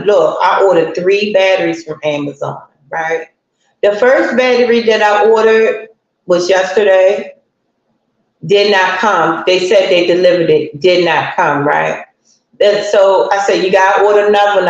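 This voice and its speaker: A woman hosting a live stream, telling a story in a chatty, colloquial way and greeting viewers as she goes. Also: medium pitch. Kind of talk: casual storytelling to live chat. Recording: very echoey room, dull lo-fi sound.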